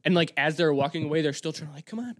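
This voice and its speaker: A male podcast host telling a rambling, self-mocking story at home, swearing freely and breaking into loud yelled impressions. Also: flat delivery, very fast, no echo, clean studio sound. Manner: bursts into loud high-pitched yelling for impressions. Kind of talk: casual solo storytelling. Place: home room.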